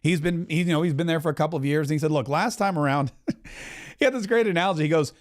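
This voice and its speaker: A man's voice: on the high side, quick pace. A middle-aged man hosting a political podcast, giving chatty live commentary with wry asides over a broadcast.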